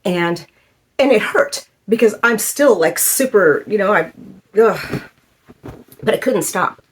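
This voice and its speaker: A woman in her fifties telling a personal story in a halting, emotional way, with many fillers. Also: mid-range voice, lively intonation, slight background noise. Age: 50s. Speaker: vlogger.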